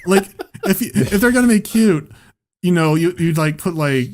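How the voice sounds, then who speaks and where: Animated, swearing man telling a story. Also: high-pitched, normal speed. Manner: animated and profane, laughing at his own story. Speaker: podcast host. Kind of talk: casual storytelling chat.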